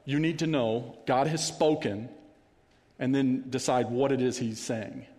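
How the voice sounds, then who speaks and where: A man's voice: mid-range voice, steady tone, a little slow, darkish tone. A man delivering a sermon as pastor, earnest and repeating key phrases for emphasis, in a church sanctuary. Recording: long hall reverb.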